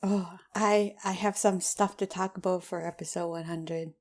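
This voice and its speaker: A woman's voice: lowish voice, fairly even intonation, moderate pace. A woman co-hosting a casual podcast, chatting about anime with frequent giggles. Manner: giggly, laughs often. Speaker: podcast co-host. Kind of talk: casual chat.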